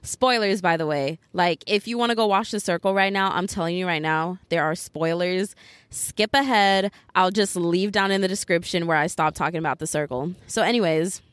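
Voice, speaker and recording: A woman hosting a podcast in casual chat, telling a story in an animated, chatty way with lots of fillers. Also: lowish voice, normal speed, clean tone, no echo. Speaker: podcast host.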